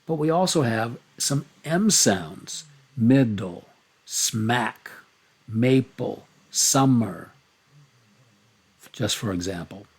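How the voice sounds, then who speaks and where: A man teaching a recorded lesson on a poem, reading and explaining it slowly and stressing single words one by one. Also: mid-range voice, expressive, slightly rough. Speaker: poetry teacher.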